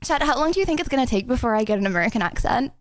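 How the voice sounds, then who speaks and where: Young English woman, high-voiced streamer, chatty and giggly, dry sound. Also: lively intonation, racing, no room sound. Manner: rambling, giggly, filler-heavy chatter. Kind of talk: casual chat with viewers.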